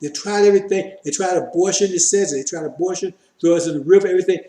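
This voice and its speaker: Male street preacher with a high, mellow voice who hammers points through repetition; roomy echo. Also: fast. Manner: repetitive, emphatic, addresses listeners as brothers. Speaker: preacher teaching scripture. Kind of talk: fiery street-style sermon.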